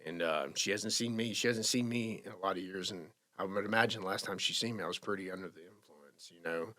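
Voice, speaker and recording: Casting: man, drawl, lowish voice, halting heartfelt storyteller, repeats and restarts. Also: bright, forceful tone. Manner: emotional, halting, many restarts. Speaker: podcast guest sharing recovery story. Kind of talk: casual storytelling.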